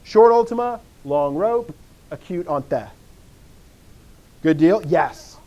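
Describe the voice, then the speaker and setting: A man teaching a classroom lesson on Greek accents, drilling students with repeated questions and bursting into animated enthusiasm. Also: sits high, takes it slowly, highs cut off. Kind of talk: classroom lecture.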